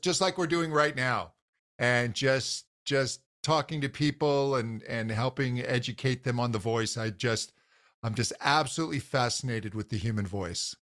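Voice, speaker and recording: A man, a voice teacher, talking in a relaxed interview, earnest and enthusiastic, with frequent fillers and restarts. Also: mid-range voice. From grew up in a Scottish household. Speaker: voice teacher, podcast guest. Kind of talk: casual interview talk.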